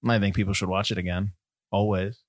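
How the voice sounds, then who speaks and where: A man co-hosting a casual film chat, animated, slipping into put-on voices for quotes and laughing often. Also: low voice, brisk, dry recording, clean studio sound. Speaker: podcast co-host. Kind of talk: casual chat about films.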